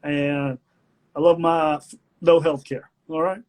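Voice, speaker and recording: A man's voice: on the high side, little pitch movement, takes it slowly, darkish tone. A man putting on a blustering country man with a drawling, declaiming delivery. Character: blustering Southern country man giving a speech.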